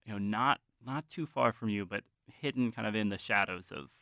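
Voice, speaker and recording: A man narrating a tabletop horror game as game master, unhurried and searching for words as he sets scenes. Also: lowish voice, pushed and bright, dry recording, studio quality.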